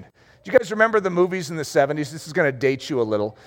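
Animated, high-voiced preacher man. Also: fast. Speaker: pastor. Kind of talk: sermon. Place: room with rows of chairs.

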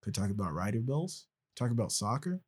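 Husky, joking male podcast host. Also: mid-range voice, sing-song, brisk, darkish tone. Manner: loose, joking, rambling. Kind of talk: casual podcast chat.

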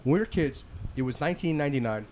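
Jersey guy in his 40s, kinda high voice, swearing nonstop, yells when he does his buddies. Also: animated, racing. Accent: New Jersey. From northern New Jersey. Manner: profane storytelling, loud when quoting friends. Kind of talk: casual chat.

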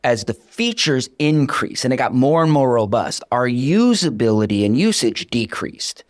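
Male founder, interview guest, energetic storytelling, self-deprecating, dry close sound. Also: mid-range voice, moderate pace, dry recording. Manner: energetic, candid, self-deprecating, acts out quoted dialogue. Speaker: startup founder, podcast guest.

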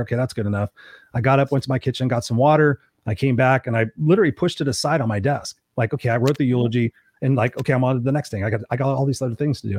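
A brash, fast-talking middle-aged man hosting a podcast, telling stories with lively acted-out quotes and plenty of swearing. His voice sits at an ordinary pitch, and the sound is close and dry, with no room around it. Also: no room sound. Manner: brash storyteller who acts out quotes and swears freely. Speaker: podcast host. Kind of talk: casual interview chat.

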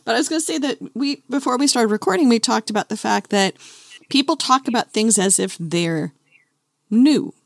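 A woman's voice: fairly high pitch, expressive, normal speed, gravelly, no room sound, studio quality. A woman hosting an interview, engaged and building on her guest's points. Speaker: host, interviewer. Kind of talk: interview conversation.

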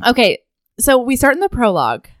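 A woman co-hosting a casual book-discussion podcast, talking in an animated way and laughing often. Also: a little high, brisk, no room sound, studio quality. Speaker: podcast co-host.

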